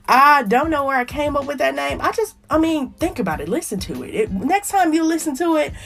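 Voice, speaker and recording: A woman's voice: high-pitched, animated, brisk, gravelly, a bit bright, soft background music. A woman hosting her own podcast, with playful, chatty talk and story time aimed straight at her listeners. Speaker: podcast host. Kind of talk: casual chat and story time.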